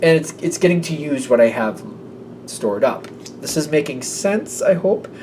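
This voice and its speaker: A man's voice: a little high, lively intonation, normal speed, darkish tone. A man giving a casual, rambling tarot reading, now and then acting out little voices. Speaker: tarot reader. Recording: slightly distant mic, faint room noise.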